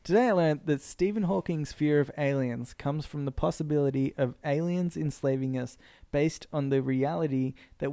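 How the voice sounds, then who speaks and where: A man's voice: medium pitch, vocal fry, mellow. A man co-hosting a podcast in casual, rambling, jokey chat. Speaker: podcast co-host.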